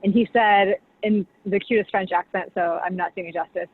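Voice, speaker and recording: This champagne brand director speaks at normal speed in a slightly rough, mid-range voice with fairly even intonation. Chatty and casual on a video call, she explains tasting with frequent "like" and "you know," through tinny audio with faint hiss.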